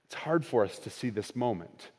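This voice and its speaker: A man's voice: medium pitch, animated. Man preaching in a reverberant hall. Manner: dramatic, shifts between loud quoted lines and hushed, slow emphasis. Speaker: pastor. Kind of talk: sermon.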